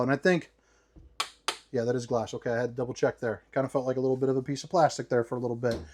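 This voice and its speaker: A man's voice: mid-range voice, darkish tone. A man hosting a casual walkthrough tour inside a travel trailer, upbeat and playful with slangy asides. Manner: upbeat, playful, slangy, calls viewers baby. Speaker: RV tour host.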